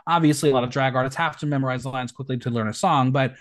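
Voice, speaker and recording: A man's voice: medium pitch, rapid-fire. A man hosting a podcast, recapping a reality show in a gossipy, campy way. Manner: animated, gossipy, campy asides. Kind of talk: casual chat.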